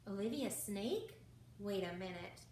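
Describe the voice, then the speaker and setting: A woman voicing a small, shy young girl mouse who talks in a squeaky, excited way. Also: unhurried, slight background noise, natural voice. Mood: eager. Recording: roomy, from far off.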